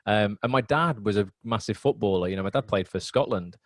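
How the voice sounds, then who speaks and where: A man with a lowish voice, chatting over a video call as an interview guest. He rambles earnestly and motivationally, and his voice sounds dry and close with no room echo. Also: fairly quick. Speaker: acting mentor, guest. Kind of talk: casual video-call chat.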